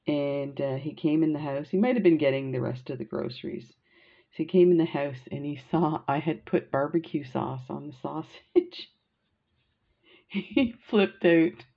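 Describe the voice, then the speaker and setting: A woman's voice: sits low, phone-quality sound. An older woman telling funny family stories in a chatty, laughing way while doing a beading craft. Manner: chatty, laughing, rambling anecdotes. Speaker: crafting vlogger. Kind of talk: casual storytelling while beading.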